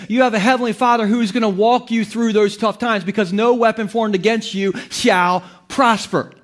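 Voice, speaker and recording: High-voiced playful male preacher. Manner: playful, joking, conversational with many restarts. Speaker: pastor. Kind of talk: sermon.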